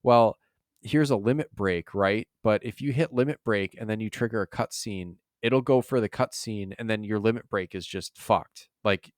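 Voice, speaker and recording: A man with a low, smooth, resonant voice talks in a loose, rambling way, full of fillers and the odd curse. The sound is dry and close to the mic, with no room around it. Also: normal speed, no echo. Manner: rambling, swears freely, many fillers. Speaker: podcast co-host. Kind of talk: casual chat.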